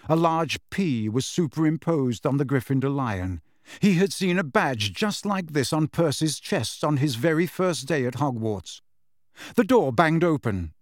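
A man narrating a storybook with a lively, expressive reading. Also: on the high side, no echo, clean studio sound. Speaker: audiobook reader.

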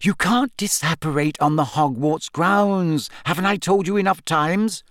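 A man voicing a clever, bossy teenage schoolgirl in an audiobook, speaking briskly and a little sharply. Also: on the high side, fairly bright tone, no room sound, studio quality, pitched above the performer's own voice. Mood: impatient. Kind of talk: audiobook character voice.

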